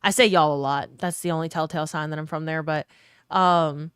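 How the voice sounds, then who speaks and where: A woman's voice: deep voice, steady tone, a little fast, fairly bright tone, clear, resonant tone, no echo, clean studio sound. A young woman from New Orleans with a neutral accent, chatting casually with her live stream viewers, reading comments aloud and swearing now and then. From New Orleans, US South.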